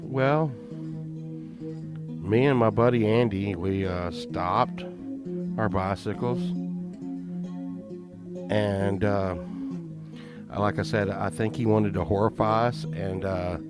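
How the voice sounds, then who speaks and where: A man with a lowish voice tells a rambling, profane story slowly, pausing often and laughing at his own tale. It's casual storytelling, with plucked guitar music in the background.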